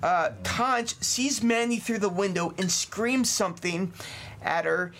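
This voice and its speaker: A man's voice: sits high, a little slow, fairly bright tone. A man hosting a casual podcast, retelling a true crime story with lots of fillers and laughs. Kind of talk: casual chat.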